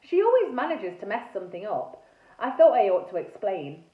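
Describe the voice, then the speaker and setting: A woman teacher with an English accent, reading a children's story aloud with expressive narration, heard in a tinny, echoey recording. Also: mid-range voice, normal speed, far from the mic. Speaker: primary school teacher. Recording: tinny phone-like sound in echoey room.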